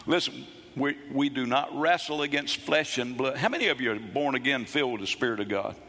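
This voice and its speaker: A middle-aged man preaching a sermon, emphatic and repetitive, rising into sudden shouts. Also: mid-range voice, fairly quick, long reverb tail. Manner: emphatic preaching, repeats phrases, bursts into shouts. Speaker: pastor. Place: church.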